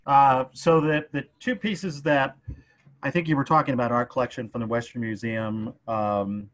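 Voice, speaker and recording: A man's voice: mid-range voice, fairly even intonation, moderate pace, fairly bright tone. Hesitant man curator, many fillers. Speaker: museum curator. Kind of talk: casual discussion on a livestream.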